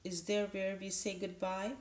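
A woman's voice: medium pitch, little pitch movement, a little slow, pitched above the performer's own voice, close to an everyday voice. A woman voicing an earnest, tender young male gosling in a storybook reading. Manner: eager, affectionate. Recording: roomy echo.

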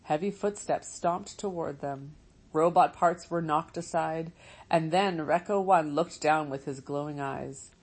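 A woman reading a storybook aloud as narrator, in a measured, steady way. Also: deep voice, breathy edge, rough recording. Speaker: audiobook narrator.

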